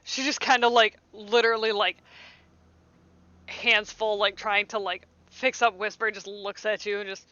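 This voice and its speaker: A player narrating a character's actions with animated energy. The voice is bright and forward, recorded close and dry with a slightly dull sound. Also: mid-range voice, moderate pace, no echo. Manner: animated, acts out character lines. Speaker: tabletop game player. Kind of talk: casual game chat.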